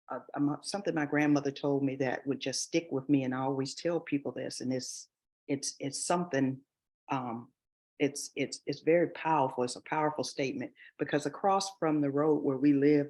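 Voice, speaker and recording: A woman's voice: extremely low pitch, darkish tone. Earnest woman author on a video call. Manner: earnest, reflective, with frequent restarts. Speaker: author and guest. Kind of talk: interview conversation.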